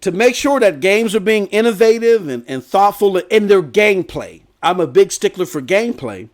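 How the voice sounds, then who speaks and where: A man hosting a gaming news stream, telling a rambling story in a loud, animated way. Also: sits high, moderate pace. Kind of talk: casual storytelling rant.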